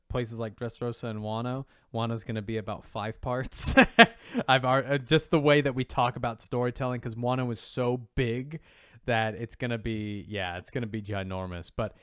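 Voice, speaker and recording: A man with a smooth, clear voice chats casually as a podcast co-host, animated and quick to act out lines in a higher, louder voice. The sound is close and dry, with no room around it. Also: dry recording. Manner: animated, acts out character lines in a raised voice. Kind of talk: casual chat reviewing manga.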